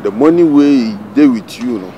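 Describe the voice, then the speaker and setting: A man plays a concerned colleague with a Ghanaian Pidgin accent who speaks steadily. His pitch sits mid-range, and clear outdoor street noise surrounds him. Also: animated, normal speed, mellow, highs cut off, close to an everyday voice.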